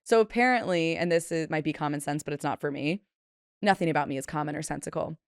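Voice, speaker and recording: A young woman in her twenties talks through a solo podcast episode in a loose, chatty, self-deprecating way, playing out the people she quotes. Her voice sits low for a woman. The sound is dry and close, with no room around it. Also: fast, smooth, no echo. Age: 20s. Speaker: podcast host. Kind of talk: casual solo podcast storytelling.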